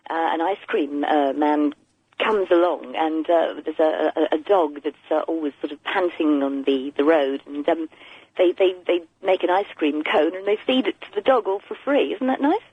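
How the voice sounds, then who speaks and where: A woman's voice: low voice, normal speed, husky, no room sound. A woman calling a radio show, chatting away with plenty of restarts, heard over a muffled phone line. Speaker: caller.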